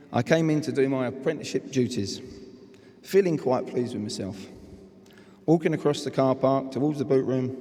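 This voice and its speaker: A man at a memorial recounting a story about his old boss in a measured, dry way. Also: medium pitch, mellow, in a large hall. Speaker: memorial speaker. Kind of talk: eulogy anecdote.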